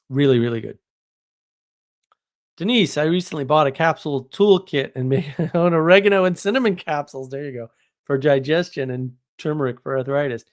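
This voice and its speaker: Chatty man hosting a casual live stream. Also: medium pitch. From New England. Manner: chatty, rambling, jokey exaggeration. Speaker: live stream host reading chat.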